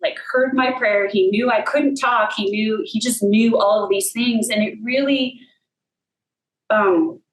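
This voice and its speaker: A woman's voice: on the high side, steady tone, a little slow, echoey room, rough recording. A woman telling a personal faith story in a casual way, full of fillers and "like". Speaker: guest.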